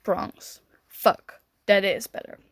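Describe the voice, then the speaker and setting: A woman's voice: medium pitch, sing-song, slow pace, no room sound, clean studio sound, full character voice. A woman reading a fan audiobook, voicing a cheeky young man joking by text with a friend. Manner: joking, offhand. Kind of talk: amateur fanfiction audiobook.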